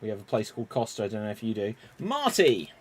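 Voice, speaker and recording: A man hosting an online improv game over a video call, unhurried and chuckling as he calls on players by name. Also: lowish voice, big pitch swings, slightly rough. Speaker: improv show host.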